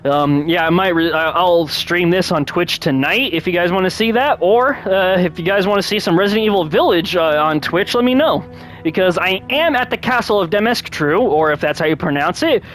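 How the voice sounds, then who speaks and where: A man hosting his own channel, chatting casually and one-on-one with viewers. He rambles, restarts his sentences often, laughs a lot and gets animated when telling a story. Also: high voice, moderate pace, soft background music. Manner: rambling, with frequent restarts and self-corrections. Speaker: channel host.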